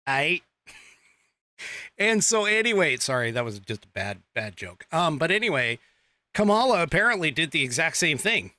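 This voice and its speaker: Guy hosting a political podcast, kinda high voice, rambly w/ lots of ums and sarcasm. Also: sing-song, pushed and bright, no room sound. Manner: rambling, halting with many fillers and restarts, sarcastic asides. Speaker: podcast host. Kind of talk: political commentary monologue.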